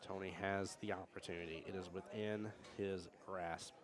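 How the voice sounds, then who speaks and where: A man giving jokey, animated live commentary on a pool tournament and reading chat comments aloud. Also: low-pitched, normal speed, crowd noise. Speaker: pool match commentator and streamer. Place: pool hall during a tournament.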